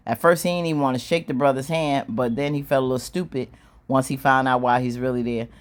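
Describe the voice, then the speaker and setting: Low-voiced woman recapping a drama, slangy. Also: fast talker. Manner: animated, slangy storytelling with squealing acted-out quotes and laughs. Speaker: show recap host. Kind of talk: casual recap commentary.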